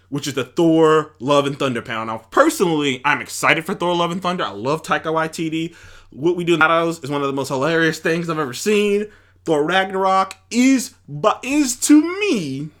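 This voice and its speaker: A man hosting a casual opinion commentary, rambling and animated, with many fillers and restarts. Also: high voice. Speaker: commentary host.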